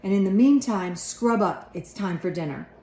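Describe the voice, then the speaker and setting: A woman voicing a patient father who keeps his tone even and reasonable. The storybook reading has an echoey room around it. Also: mid-range voice, normal speed, close to an everyday voice. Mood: calm. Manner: calm, patient. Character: father, a calm patient dad.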